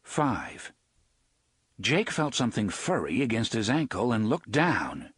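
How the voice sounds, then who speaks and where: A man narrating a novel as an audiobook in an expressive storytelling read. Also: medium pitch, slow, breathy edge, dry recording, studio quality. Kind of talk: scripted narration.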